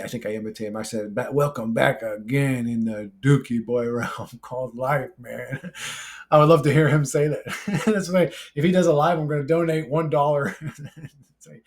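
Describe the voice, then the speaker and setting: A man in his forties talks loosely through viewer comments, brash and profane. His voice sits at a middle pitch, and he laughs easily between remarks in a casual, unscripted monologue. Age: 40s. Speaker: YouTuber reading viewer comments.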